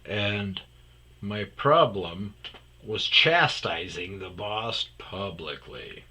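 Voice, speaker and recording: A man telling a workplace story in a casual, profane rant, loudly acting out what people said. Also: sits low, very slow, breathy edge. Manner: profane, animated, acts out quotes loudly. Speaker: storyteller host.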